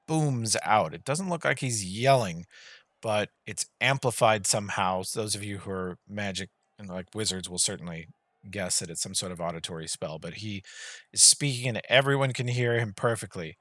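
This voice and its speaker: A man's voice: medium pitch, normal speed, bright, forceful tone, no room sound, studio quality. A man acting as game master, casually narrating scenes and rulings to players in an online tabletop game. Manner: casual, descriptive scene-setting with fillers.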